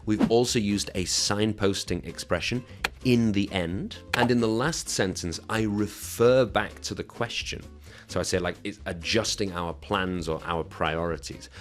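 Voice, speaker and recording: Explaining a sample answer for English exam speaking practice, this man's voice sits on the low side. He's encouraging and instructive, and checks in with listeners along the way.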